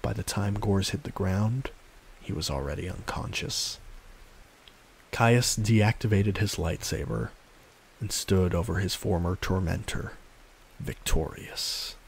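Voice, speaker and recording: Deep, gravelly male narrator. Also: slow, slight background noise. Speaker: audiobook narrator. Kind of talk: scripted narration of a fan story.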